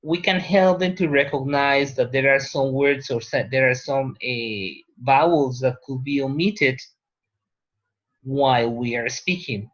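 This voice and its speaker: Lehrer, männlich, Spanisch als Muttersprache, spricht sehr langsam mit vielen Pausen, dumpfe Lo-Fi-Aufnahme im Klassenzimmer. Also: male voice, medium pitch, a bit bright. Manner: unhurried, pauses, checks with "right?". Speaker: teacher. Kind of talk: classroom lecture. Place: classroom. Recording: dull lo-fi classroom recording.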